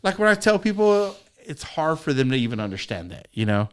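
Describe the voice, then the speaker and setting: A man guesting on a podcast, telling stories in casual chat, animated, swearing a lot and repeating himself. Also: on the high side, fairly quick, clear, resonant tone.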